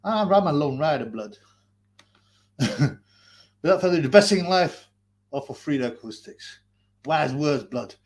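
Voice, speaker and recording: A man's voice: on the high side, lively intonation, unhurried, long pauses. Foul-mouthed man ranting, mask on. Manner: crude, mocking, laughs between lines. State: wearing a mask. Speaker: livestream host. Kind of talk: profane ranting livestream commentary. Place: hot basement.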